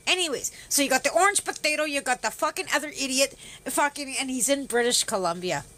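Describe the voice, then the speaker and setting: Bright, foul-mouthed woman ranting. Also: high voice, expressive, fast talker. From Canada. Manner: profane, sarcastic, heavy swearing, greets viewers. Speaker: livestream host. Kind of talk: casual ranting livestream chat.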